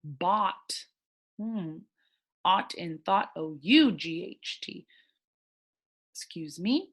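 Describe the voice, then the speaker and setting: Slow, gentle woman teaching phonics. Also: on the low side, lively intonation. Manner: slow, gentle and encouraging, sounding out words. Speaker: first grade teacher. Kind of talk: recorded online phonics lesson.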